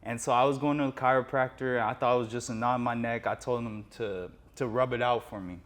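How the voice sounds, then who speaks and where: A man hosting a podcast, speaking in a relaxed, conversational way. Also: medium pitch, fast. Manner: relaxed, conversational, casual fillers. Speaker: podcast host.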